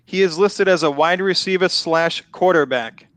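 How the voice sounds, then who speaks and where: A man with a Boston accent hosting a live football draft stream, chatty and quick to laugh, starting to lose his voice. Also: fairly high pitch, a bit bright, no room sound. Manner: chatty, laughs often, restarts phrases. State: losing his voice. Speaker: host. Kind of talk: casual live draft commentary.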